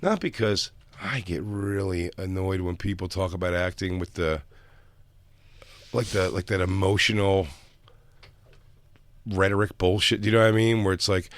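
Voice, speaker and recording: A man's voice: low voice, vocal fry, dry recording. A man co-hosting a loose comedy talk show, joking around and jumping into silly voices. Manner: loud, animated, slips into silly voices for bits. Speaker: co-host. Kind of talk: casual comedic chat.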